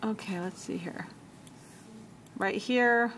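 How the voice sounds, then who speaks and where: A woman teacher walking a class through a software task step by step, repeating menu names as she checks her work. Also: medium pitch, takes it slowly, a little hiss or hum. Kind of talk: software tutorial walkthrough.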